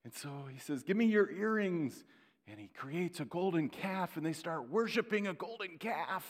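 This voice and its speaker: A male pastor preaching a sermon, telling stories in an animated way and dropping in sarcastic asides. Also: fairly high pitch, normal speed. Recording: long hall reverb.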